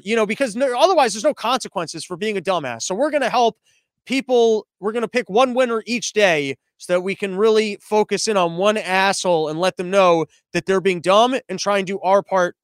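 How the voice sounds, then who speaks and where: A man's voice: high-pitched, a bit bright, no room sound, clean studio sound. A man hosting a satirical news podcast, talking in a sarcastic, rambling, mock-serious way. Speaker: podcast host.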